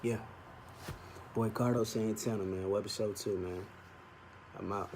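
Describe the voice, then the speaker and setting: Young male vlogger, lowish voice, earnest heartfelt testimony to camera, faint ambience behind. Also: steady tone, measured pace, a little mellow, a little hiss or hum. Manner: earnest, heartfelt, fond of "man". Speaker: vlog host.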